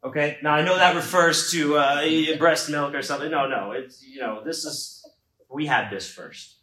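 A middle-aged Houston, Texas, man with a voice on the high side tells a comic story to an audience at a moderate pace. His style is conversational and self-mocking, and he acts out shouts in quoted voices. The recording has an echoey room sound.

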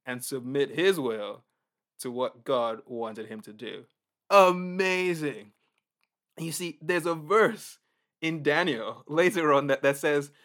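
A man preaching a casual, conversational sermon in an animated way, often acting out reactions. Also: a little high.

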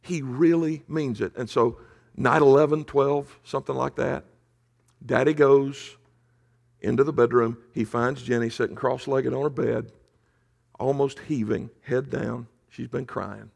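Gravelly-voiced pastor telling a story. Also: male voice, medium pitch, fairly even intonation, a little slow. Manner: conversational, drops to a hush for emphasis. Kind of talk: sermon storytelling.

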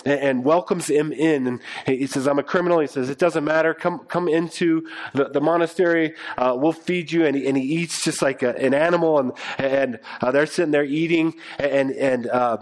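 A man's voice: on the high side, fairly even intonation, normal speed, hardly any pauses. A man preaching a sermon, retelling a story in a loose, conversational way full of fillers and restarts. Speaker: pastor.

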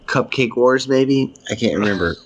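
A man's voice: medium pitch, moderate pace, dull audio, a little hiss or hum. A man co-hosting a podcast, chatting casually in a rambling, enthusiastic way with frequent restarts. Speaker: podcast co-host. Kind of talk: casual chat.

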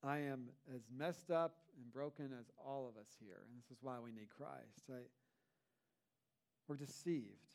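A man's voice: medium pitch, measured pace, gravelly, a little mellow. A man, a pastor, preaching a sermon in a conversational way, with rhetorical asides to the congregation.

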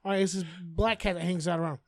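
A man's voice: high-pitched, fairly even intonation, fast talker, dry recording, studio quality. A man telling a long, profane neighborhood story as a podcast co-host in casual chat.

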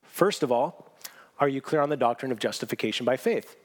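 A man's voice: mid-range voice, expressive, fairly quick, close to an everyday voice. A pastor voicing an impatient male angel who questions a newcomer at heaven's gate in a brusque, interrogating way.

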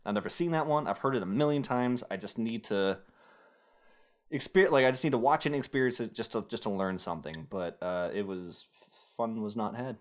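Young man, podcast host, low-ish voice, loose rambling delivery with frequent laughs. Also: fairly quick. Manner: rambling, self-interrupting, laughs often. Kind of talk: casual podcast chat.

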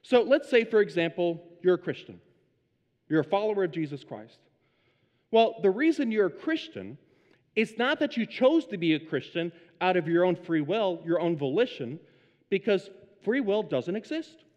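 A man's voice: high voice, very animated, normal speed, a little mellow, long reverb tail, dull audio. A pastor preaching an emphatic sermon and putting questions to his congregation.

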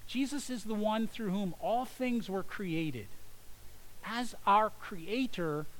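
A male pastor preaching a sermon, quoting scripture and dropping to hushed lows before rising to loud, pointed questions. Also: slow, rough recording.

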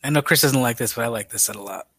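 A young man co-hosting a casual chat, easygoing and quick to laugh. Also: mid-range voice, sharp tone, breathy edge. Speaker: co-host.

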